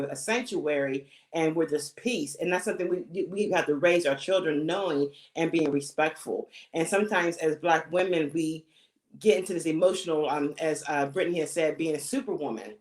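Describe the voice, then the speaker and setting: A woman's voice: deep voice, a little fast. A middle-aged woman on a panel of mothers, giving earnest advice in casual talk and often saying "you know". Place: home, video call. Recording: echoey room.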